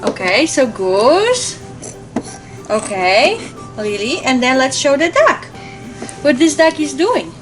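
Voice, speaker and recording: A young mother talks to her child at home in a fairly high, lively voice. She teaches casually and keeps asking simple, encouraging questions. Music plays clearly in the background. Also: takes it slowly, pauses often.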